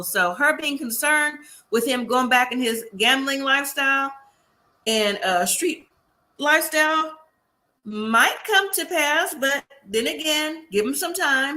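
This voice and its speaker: Chatty woman recapping a reality show, bright tense voice, kinda high. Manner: chatty, acts out quotes of the cast. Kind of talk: casual episode recap.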